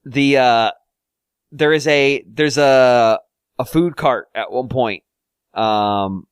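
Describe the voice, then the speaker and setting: Man, podcast co-host, rambling casual chat, smooth clear voice, dry close sound. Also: mid-range voice, no echo. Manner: rambling, many fillers and restarts.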